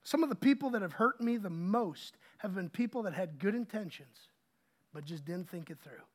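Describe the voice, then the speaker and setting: Pastor in church, male, high and highly varied pitch, animated delivery that drops to hushed asides. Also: moderate pace. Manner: animated, swinging between loud emphasis and hushed asides. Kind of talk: sermon.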